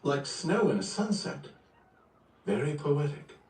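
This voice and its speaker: A man's voice: fairly high pitch, measured pace, voice pushed up. A man reading aloud plays an eager, poetic-minded scientist who speaks with enthusiasm. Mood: enthusing. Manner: enthusiastic, lively. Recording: roomy, distant from the mic.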